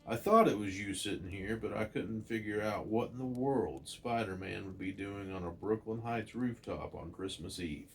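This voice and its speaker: A man voicing a calm, fatherly veteran male soldier hero from a comic, steady and reassuring. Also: fairly low pitch, moderate pace, hardly any pauses, a little hiss or hum, lightly acted.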